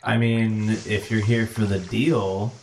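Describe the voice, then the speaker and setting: A man's voice: fairly low pitch, flat delivery, slow, darkish tone, slight background noise. A man playing a laid-back guy at a spa who invites two strangers into the sauna, talking in an unbothered, easygoing way. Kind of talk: improv comedy role-play.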